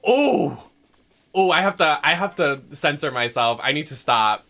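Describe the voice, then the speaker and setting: A young man streaming a video game, ranting in a dramatic, sweary way that swings from shouting to muttering. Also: fairly high pitch, expressive, measured pace. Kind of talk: casual rant while gaming.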